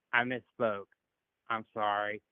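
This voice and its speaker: A male caller arguing with the host, aggravated and halting, repeating himself as he goes. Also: on the low side, creaky, no echo. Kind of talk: argument on a phone call-in. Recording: tinny phone line.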